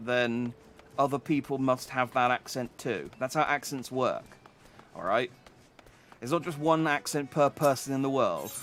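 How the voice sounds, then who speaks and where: A man's voice: medium pitch, fairly bright tone. A man streaming a game, tossing out rambling, wry, sardonic asides. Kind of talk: gaming stream commentary.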